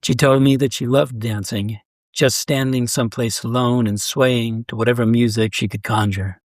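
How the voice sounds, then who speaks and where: A man reading a first-person short story aloud in a measured, even storytelling voice. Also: medium pitch, no echo. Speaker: story reader. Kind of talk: scripted narration of a short story.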